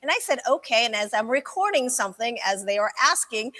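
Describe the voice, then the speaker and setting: A woman hosting a live radio game show, upbeat and quick to laugh. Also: fairly high pitch, sing-song, pushed and bright. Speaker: radio host.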